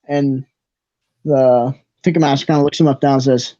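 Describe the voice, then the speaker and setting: A man's voice: on the high side, steady tone, a little slow, dark tone, dry recording. A young man narrating as game master in a loose, casual way with many fillers. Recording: dry, dull lo-fi mic.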